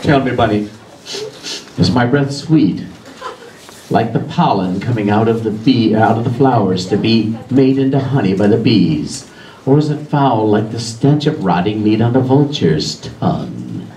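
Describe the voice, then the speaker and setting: A man voicing a menacing, hungry male lion king who speaks slowly and gloats with chuckles. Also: on the low side, lively intonation, dark tone, a little hiss or hum, pitched below the performer's own voice. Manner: slow, drawn-out, gloating with chuckles. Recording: roomy echo, distant mic, faint ambience.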